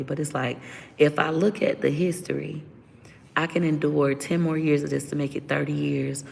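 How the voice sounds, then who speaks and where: Blunt woman with heavy vocal fry. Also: low-pitched, long reverb tail, a little hiss or hum. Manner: blunt and profane, vents openly. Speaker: interview guest. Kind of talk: candid personal storytelling.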